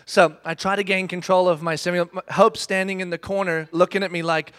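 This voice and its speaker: Man, thirties, high-pitched, animated, self-mocking, storytelling sermon. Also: brisk, hardly any pauses. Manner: animated, self-mocking, addresses the audience directly. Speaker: speaker.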